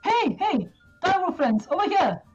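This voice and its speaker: A woman's voice: on the high side, sing-song, quick pace, darkish tone, dull audio, soft background music, voice pushed up. A woman doing an effusive, flirtatious hunter man. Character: jovial adult male hunter, flirtatious.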